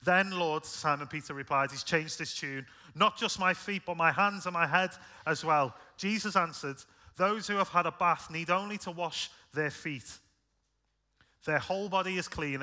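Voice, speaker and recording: A British man preaching a sermon, conversational and earnest, rising in force then dropping soft. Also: a little high. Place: church.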